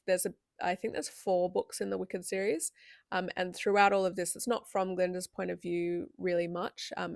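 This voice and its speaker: A woman's voice: lowish voice, gravelly, no echo, clean studio sound. A young adult woman giving a chatty, candid video essay with frequent asides.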